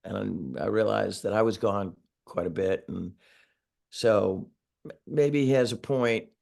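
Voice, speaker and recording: A man's voice: lowish voice, a little slow, vocal fry, darkish tone. A man in his sixties, a singer being interviewed over a video call, talking casually in a rambling way with many restarts and chuckles. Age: 60s.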